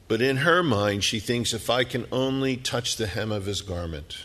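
A middle-aged man preaching a sermon, telling the story dramatically and dropping at times to hushed whispers. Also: medium pitch, expressive, moderate pace, in a large hall.

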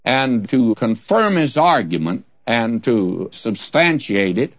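A man's voice: mid-range voice, very animated, slow pace. A man preaching a Bible-teaching sermon in a folksy, humorous storytelling manner. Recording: dull, dry lo-fi recording.

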